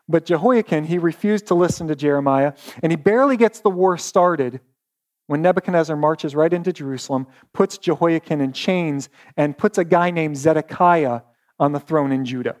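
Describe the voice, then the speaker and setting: Virginia preacher telling the story casual and animated, kinda high voice, keeps restarting words. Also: male voice, normal speed. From West Virginia. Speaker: pastor. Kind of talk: sermon.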